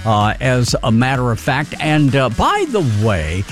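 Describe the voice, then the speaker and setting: Older male talk host from Texas, chatty and rambling, lively pitch. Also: measured pace, faint music behind. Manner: rambling, chatty, many fillers, joking. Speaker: fill-in radio talk host. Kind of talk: casual call-in radio chat.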